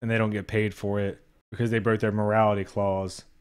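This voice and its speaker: A man's voice: fairly low pitch, little pitch movement, a little fast, clear, resonant tone. A young man giving a casual spoken movie review, blunt and profane, openly exasperated.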